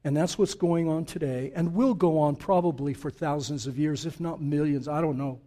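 Male pastor, high voice, lively emphatic sermon delivery with asides to the congregation. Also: normal speed.

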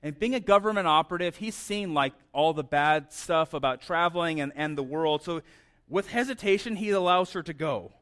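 A man's voice: on the high side, moderate pace, fairly bright tone. A man preaching a sermon in a conversational way, often stammering and repeating words. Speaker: pastor.

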